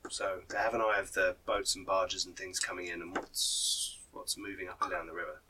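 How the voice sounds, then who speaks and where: A man's voice: sits low, little pitch movement, moderate pace, recorded from a distance, noisy background, pitched below the performer's own voice, natural voice. A man playing a rambling townsman informant. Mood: confiding. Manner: rambling, confiding, full of hesitations. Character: chatty male townsman informant who knows the docks.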